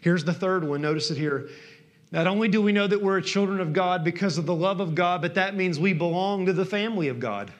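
Southern male preacher, high tenor, impassioned, dips to a hush then builds up. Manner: impassioned, swings from hushed to loud, drawn-out emphasis. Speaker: pastor. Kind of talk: sermon.

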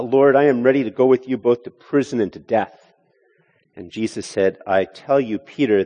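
A male preacher giving a sermon, animated and full of restarts as he voices a skeptic's objections. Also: medium pitch. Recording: hall reverb.

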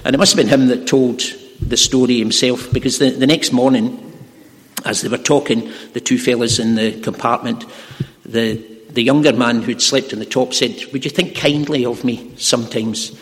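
Man, preacher, earnest storytelling sermon, medium pitch, long hall reverb. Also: fairly even intonation. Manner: earnest, slows for emphasis.

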